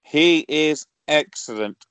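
A man's voice: on the high side, slow, a bit bright, clean tone, dry recording. A man co-hosting a podcast, teasing his friends in a matter-of-fact way. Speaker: podcast co-host. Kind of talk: casual chat.

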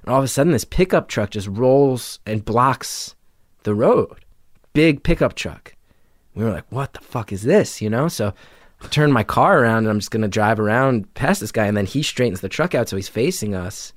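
A young adult man telling a story in casual chat, animated, jumping into loud high voices when he quotes people. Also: normal speed, no echo, studio quality.

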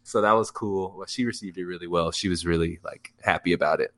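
Rambling young man, low voice. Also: brisk. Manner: rambling, filler-heavy, excitable storytelling. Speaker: music producer guest. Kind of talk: casual podcast interview.

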